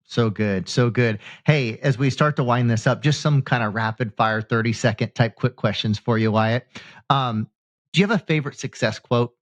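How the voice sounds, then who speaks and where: A man's voice: medium pitch, normal speed, dry recording. A male podcast host who asks questions and affirms his guest with encouraging remarks. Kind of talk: casual interview talk.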